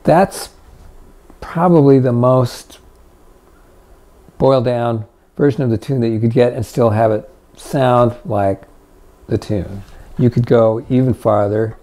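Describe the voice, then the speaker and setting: A middle-aged man talks through a casual fiddle lesson with a dark, mellow tone. He rambles in a friendly, humorous way, dropping fillers as he goes. His pitch sits in the middle. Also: slow, long pauses. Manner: chatty and humorous, with many fillers. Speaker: fiddle teacher. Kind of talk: relaxed video lesson.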